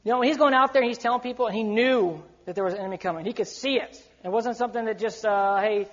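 A man's voice: very high-pitched, rapid-fire. Emphatic man preaching a sermon, lo-fi. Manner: emphatic, urgent, slips into quoted voices. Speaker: youth preacher.

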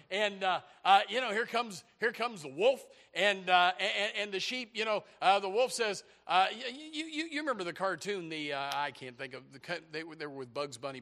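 Male preacher with a bright, forceful voice, folksy and exclamatory. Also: high-pitched, long reverb tail. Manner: folksy and exclamatory, with frequent stammered restarts. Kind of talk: sermon.

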